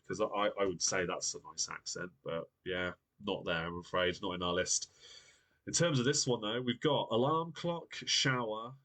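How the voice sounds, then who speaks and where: A man with a lowish voice runs a live-streamed quiz show. He talks in a chatty, upbeat way and reads out the viewers' guesses as he goes. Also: fairly bright tone. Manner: chatty and upbeat, reading viewer comments aloud. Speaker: quiz host.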